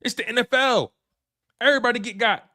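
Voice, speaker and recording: High voiced dude ranting on a sports livestream, preachy and repetitive, super dry mic. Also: male voice, brisk, bright, forceful tone, dry recording. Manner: preachy, repetitive, street slang. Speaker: sports show host. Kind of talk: animated live-stream sports rant.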